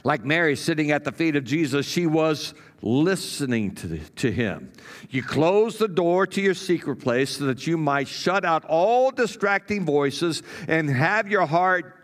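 Preaching pastor, higher-pitched man. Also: lively intonation, measured pace. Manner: preaching with dramatic rises for quoted prayers and trailing drops at phrase ends. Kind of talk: sermon.

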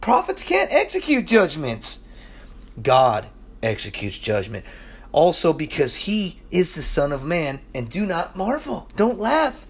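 A man's voice: fairly high pitch, wildly swooping pitch, measured pace, slightly rough. A pastor preaching a sermon to his church, talking emphatically and casually with slang asides.

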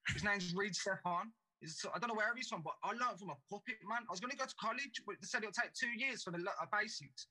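A young man, his voice sitting high and bright with a hard, cutting edge. He tells sweary stories at a rapid clip in a relaxed podcast chat. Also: rough recording. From Birmingham, England. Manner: fast, sweary storytelling. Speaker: podcast guest. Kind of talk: casual chat.

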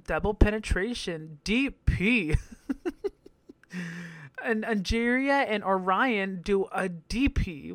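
A man's voice: high-pitched, fairly bright tone, no echo. A man hosting a podcast, giving a campy, profane recap full of laughter. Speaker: podcast host. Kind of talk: casual recap commentary.

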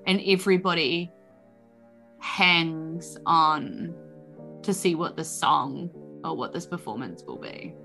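Bright-voiced woman game master. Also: low voice, animated, slow pace, gravelly, faint music behind. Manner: casual, filler-heavy narration. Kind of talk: narrating a tabletop game.

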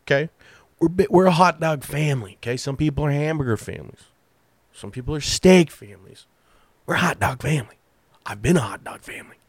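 A man telling a long comic story in a profane, animated way, acting out the lines of the people in it. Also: fairly high pitch, brisk, breathy edge, no echo, studio quality. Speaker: comedian. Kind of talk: stand-up storytelling.

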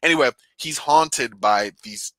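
Excitable rambling man on a video call. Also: mid-range voice, measured pace, no echo, low-quality recording. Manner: excitable, rambling with many fillers. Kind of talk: casual chat, retelling comic stories.

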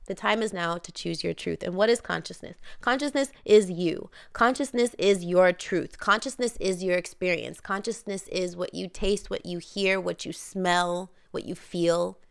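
Gravelly-voiced woman giving a motivational pep talk. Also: on the low side, moderate pace, hardly any pauses. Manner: candid, emphatic, swears casually. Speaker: podcast host and wellness coach. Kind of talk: casual motivational monologue. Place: home near the Caribbean.

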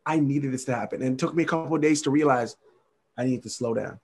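A man's voice: medium pitch, breathy edge. A man sharing his faith testimony as a podcast guest, earnest and repetitive. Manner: earnest, repetitive, fast-talking.

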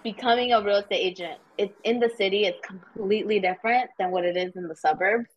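Woman guest, animated and casual, mid pitch, slightly muffled podcast sound. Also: quick pace. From United States. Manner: animated storytelling, swears casually. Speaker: realtor guest. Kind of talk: casual interview chat.

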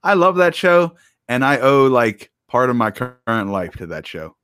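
A man in casual podcast chat, giving thoughtful, measured replies. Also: mid-range voice, big pitch swings, fairly bright tone, smooth.

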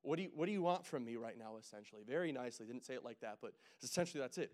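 Man, pastor, casual sermon, jokey asides, loud emphatic peaks, mid pitch. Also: expressive, rapid-fire, few pauses. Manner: casual, joking, builds to loud emphatic preaching.

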